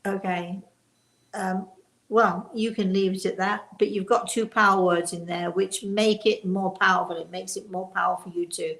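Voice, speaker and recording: A woman's voice: mid-range voice, fairly even intonation, moderate pace, roomy sound, low-quality recording. An older woman hosting a live-stream chat, teaching in a chatty way and stressing key words. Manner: emphatic on key words, warm chatty restarts. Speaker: host and spiritual teacher.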